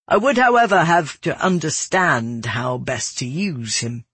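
A stern caravan guard captain barks short, careful instructions, as a man reads him in a storybook. The voice is slightly husky and sits a touch high for a man. The sound is dry and close. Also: measured pace, a bit bright, no echo. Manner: terse, instructive, carefully worded.

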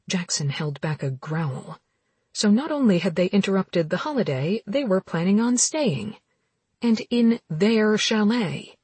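A woman narrating a romance audiobook with steady, even storytelling, recorded close. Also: mid-range voice, measured pace, breathy edge, no echo.

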